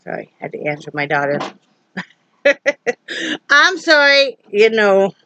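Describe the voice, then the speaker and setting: A woman's voice: medium pitch, very animated, unhurried, bright, forceful tone, no room sound, dull audio. A middle-aged woman chatting casually to camera from her home, homey and talkative, filmed on a camera set up on a ring light. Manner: chatty and homey, with laughs and asides. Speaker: vlogger. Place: home, indoors. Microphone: phone or camera on a ring light.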